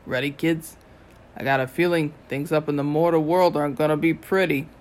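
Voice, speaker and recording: A reader voicing a gruff, wisecracking male dwarf god who growls and mumbles in an audiobook reading. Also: medium pitch, steady tone, a little fast, lightly acted.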